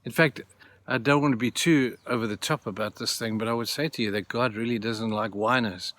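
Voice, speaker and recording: A man's voice: medium pitch, steady tone, brisk, fairly bright tone. A man giving a short devotional talk, earnest and plain, repeating key phrases for emphasis. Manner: retells scripture stories in plain everyday words. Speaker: church speaker giving devotions.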